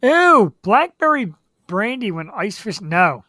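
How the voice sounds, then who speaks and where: Chatty woman host, lively pitch, dry sound. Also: takes it slowly, no room sound. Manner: chatty, laughs easily, rambling. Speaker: show host. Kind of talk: casual live-show banter.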